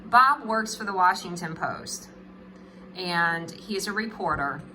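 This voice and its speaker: A woman's voice: lowish voice, animated, takes it slowly, pushed and bright, a little hiss or hum, low-quality recording. A woman teacher giving a casual video lesson with her own drawings. She is chatty and jokey and keeps checking in with "okay?".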